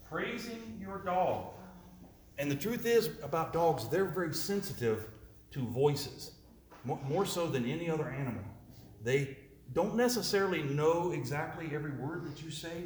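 Somewhat high-voiced, a man leads an interactive slide presentation for a live audience, questioning listeners and adding jokey asides while repeating his words. The room sounds spacious, with faint background noise.

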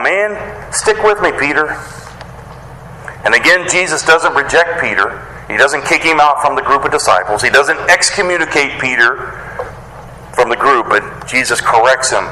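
A man's voice: medium pitch, pushed and bright. A man preaching a sermon as pastor, earnest and emphatic, building his points through repeated phrases. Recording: echoey hall, faint noise.

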